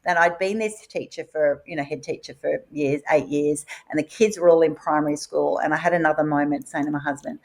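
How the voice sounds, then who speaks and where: A woman tells her story in a podcast interview. Her voice sits a little low, and she swings her pitch widely as she acts out quoted conversations. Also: steady tone, a little fast, gravelly, hardly any pauses. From Australia. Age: 50s.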